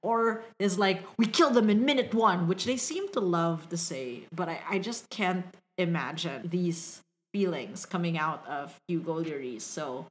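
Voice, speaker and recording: A woman with a somewhat low voice co-hosting a podcast in relaxed chat. She is enthusiastic and upbeat, rolling quickly from one aside to the next. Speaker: podcast co-host. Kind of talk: casual chat.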